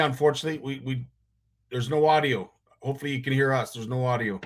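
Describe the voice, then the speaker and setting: Laid back guy hosting a live stream, friendly and encouraging, mid pitch. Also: fast. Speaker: host. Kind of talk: live show chat.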